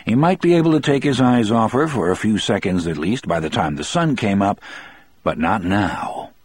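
A man reads a first-person novel aloud in a measured, even way. His voice is very deep and husky, recorded dry and close with no room sound. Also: dry recording. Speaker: audiobook narrator.

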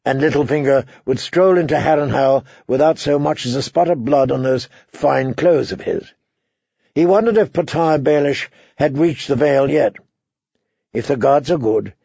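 A man narrating an audiobook in a steady, even storytelling voice, on a dull, dry recording. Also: fairly high pitch, vocal fry, slightly rough, no room sound. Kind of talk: scripted narration.

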